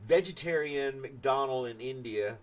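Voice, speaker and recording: A man's voice: medium pitch, unhurried. A man hosting a casual live stream, chatting loosely and reading viewer comments as he rambles. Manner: rambling, chatty, laughs at his own stories.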